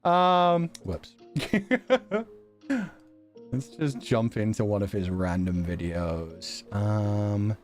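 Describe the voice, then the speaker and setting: A male streamer chatting with his viewers in an easy, talkative way. His pitch moves around a lot, from low murmurs to bright high bursts. Faint music plays softly behind him. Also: expressive, extremely slow. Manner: chatty, laughs often, reacts to chat and videos. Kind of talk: casual stream chat.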